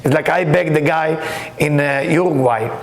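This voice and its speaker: A man teaching a Kabbalah class, reading Hebrew texts aloud and explaining them with lively stories. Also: a little high, normal speed. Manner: animated, reads Hebrew text aloud and explains it. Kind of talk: lecture with storytelling. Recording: echoey room.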